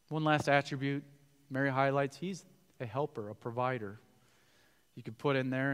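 A man preaching a sermon as pastor, animated, acting out quoted voices with big swings from quiet to loud. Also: mid-range voice. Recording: reverberant hall.

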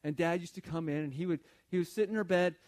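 A man's voice: on the high side, fast, a little mellow. A man preaching a sermon in a conversational way, often repeating words as he tells a story. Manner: conversational, repeats words while building a point. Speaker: pastor.

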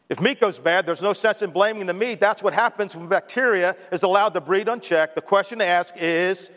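High-voiced preaching man in a reverberant hall. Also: fairly bright tone. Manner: emphatic, repetitive preaching with call-and-response. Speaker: pastor. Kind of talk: sermon. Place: church sanctuary.

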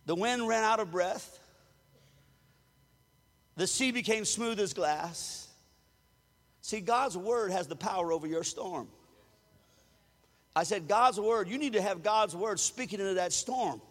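A man preaching a sermon as pastor, animated and preachy, rising into loud shouts. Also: sits high, unhurried, pauses often, big-room sound.

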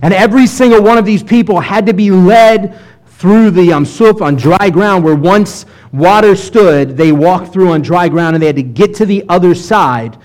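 A middle-aged man preaching as a rabbi, his voice sitting a little high for a man. He moves between steady scripture reading and animated, punchy emphasis, pushing loud on key phrases. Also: normal speed. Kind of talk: sermon.

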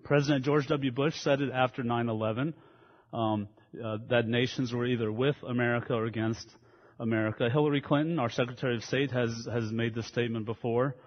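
A man's voice: medium pitch, fairly even intonation, brisk. An earnest male preacher, praying and then teaching in a plain, conversational manner. His voice carries a long reverb from a large hall. The sound is dull and lo-fi. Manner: earnest, explains words conversationally. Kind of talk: sermon with opening prayer. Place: church sanctuary.

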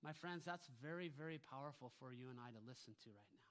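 A man's voice: medium pitch, fast, a bit bright. A pastor preaching a sermon, emphatic, often putting rhetorical questions to his congregation.

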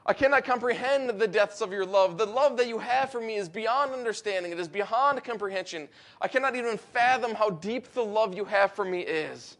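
A man preaching a sermon in an earnest way, rising to emphatic peaks and slowing down to give words weight. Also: high-pitched, fairly bright tone. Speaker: pastor.

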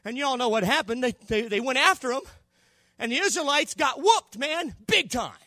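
A man preaching a sermon in a church, swinging between loud shouting and quieter low passages. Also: animated, moderate pace, no room sound. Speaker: pastor.

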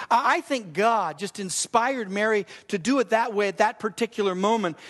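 A middle-aged male pastor preaching with a light, high-pitched voice. He tells stories with lively emphasis, and his words ring out with a long hall reverb. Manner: storytelling, animated, emphatic preaching. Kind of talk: sermon.

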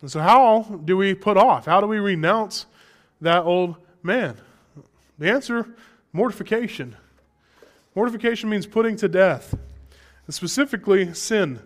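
A man's voice: high voice, a little slow, pauses often. A young adult man preaching a sermon, candid and conversational, rising into emphatic stretches.

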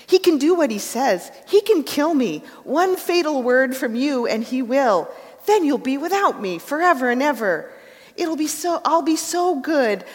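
A woman doing a wheedling, chattering lizard. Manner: fast, wheedling, high-pitched. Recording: long hall reverb.

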